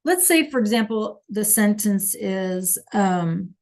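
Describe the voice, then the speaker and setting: Woman teacher, unhurried, talks through grammar examples with lots of ums over a computer mic. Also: mid-range voice, animated, a little mellow. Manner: slow, searching for examples with many fillers. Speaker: Spanish teacher. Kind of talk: online class lesson.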